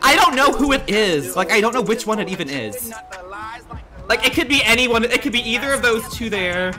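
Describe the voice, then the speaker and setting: A man's voice: animated, fairly quick, music in the background. A streamer role-playing a catty, dramatic woman at a wedding in a game, calling everyone darling, profane and theatrical. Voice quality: theatrical, swoops high on exclamations.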